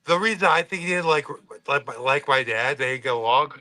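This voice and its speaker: A man's voice: medium pitch, brisk, sharp tone, no echo, low-quality recording. A man, a former college football player, telling a story in casual podcast chat and acting out the quotes with swearing.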